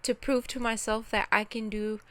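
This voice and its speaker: This self-reflection vlogger's voice is on the high side and a bit bright, with little pitch movement, normal speed and no echo. Unscripted and emotional, she opens up to the camera about personal grief, nearly in tears, speaking both to herself and to her viewers as she processes it.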